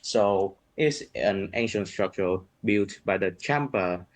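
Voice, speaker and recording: A man's voice: sits low, animated, takes it slowly, low-quality recording. A man with a Vietnamese accent answering exam questions over a video call, often stopping to reformulate his sentences. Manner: hesitant, reformulating mid-sentence. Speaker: test candidate.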